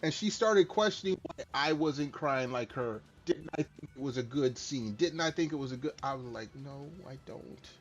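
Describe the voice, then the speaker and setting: Speaking at a moderate pace with hardly any pauses, a middle-aged man with a voice on the high side chats casually while streaming a game. He rambles and is candid and self-deprecating. Faint music accompanies his slightly dull, lo-fi mic.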